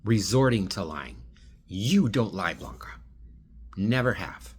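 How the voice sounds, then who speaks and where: A man's voice: on the low side, very animated, takes it slowly, breathy edge. A man speaking straight to one absent person in a rambling, pleading video monologue. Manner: rambling, restarts and trails off. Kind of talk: direct-address video monologue.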